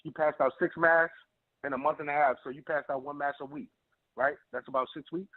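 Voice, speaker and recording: A man's voice: a little high, fairly even intonation, brisk, dry recording. A man co-hosting a call-in talk, pressing a caller with pointed questions and repeating himself. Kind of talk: casual panel chat. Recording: tinny phone line.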